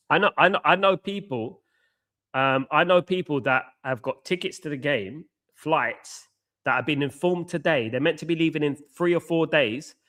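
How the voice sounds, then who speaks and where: A young man runs a live football watchalong stream. His voice sits at an everyday middle pitch but sounds bright and forward. He talks casually, bantering with viewers and circling back over the same points. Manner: chatty, repeats himself, banters with viewers. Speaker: watchalong host reading live chat. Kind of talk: live stream commentary and chat.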